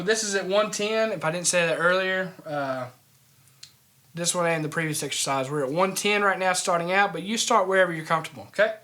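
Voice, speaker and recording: High-voiced man teaching drum technique. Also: sharp tone. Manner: checks in with "okay?" after each point. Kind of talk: instructional lesson.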